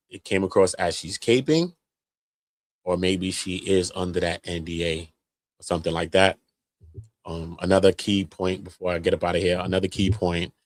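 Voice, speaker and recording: A man's voice: deep voice, no room sound. Slangy man riffing on a live stream. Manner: animated, slangy, mocking impressions. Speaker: live commentary host. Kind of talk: casual commentary on a live stream.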